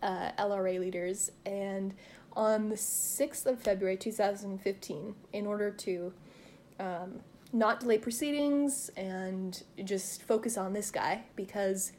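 A woman's voice: medium pitch, darkish tone, slight background noise. A woman co-hosting a casual true-crime podcast, telling the story in a chatty way and laughing often. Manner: fast, chatty storytelling with fillers. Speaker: podcast co-host.

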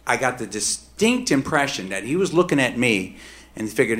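Animated middle-aged man telling a story. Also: mid-range voice, brisk. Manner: animated, emphatic, swings between hushed and heated. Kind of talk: personal true story told on stage.

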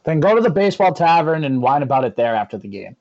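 A young man, co-hosting a casual sports chat, lively and teasing. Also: on the high side, quick pace, no room sound. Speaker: co-host. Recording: dry, dull lo-fi sound.

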